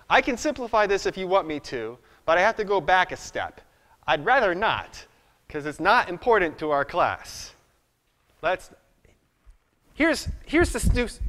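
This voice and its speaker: A man lectures on math in a casual, self-deprecating way, talking through each step aloud. His voice sits a little high. The sound carries the long reverb of a lecture hall. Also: gravelly, a bit bright. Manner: chatty, self-deprecating, thinks aloud at the board. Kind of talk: live classroom lecture.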